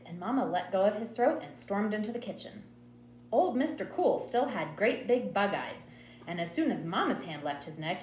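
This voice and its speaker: A woman reads a novel aloud in first person, her pitch rising and falling freely. The sound is roomy, as if recorded in a room at home. A faint hum sits under the voice. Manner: expressive storytelling read. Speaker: audiobook reader.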